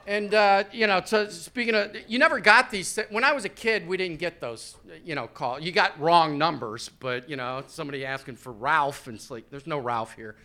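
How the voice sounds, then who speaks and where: On a club stage, a fifty-something male comic talks into a handheld microphone in a high, very bright voice. His set is a loose, conversational ramble sprinkled with crude remarks.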